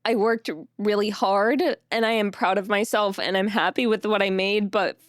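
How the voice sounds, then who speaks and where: A young woman streaming, chatting casually with her viewers in a soft, rambling way, tearful and full of self-doubt. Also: medium pitch, steady tone, normal speed, no room sound, clean studio sound.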